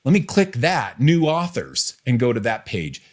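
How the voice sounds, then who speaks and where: A man hosting a podcast, giving business advice in a relaxed, teasing way and repeating key phrases. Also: medium pitch, measured pace. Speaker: podcast host.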